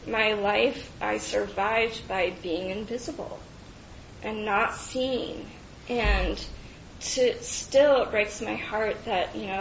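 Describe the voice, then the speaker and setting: Slow, halting woman sharing at a meeting. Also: fairly bright tone. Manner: halting, with frequent fillers and restarts; laughs often between phrases. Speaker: recovery meeting speaker. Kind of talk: personal share at a recovery meeting. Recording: echoey, dull meeting-room recording with faint rumble.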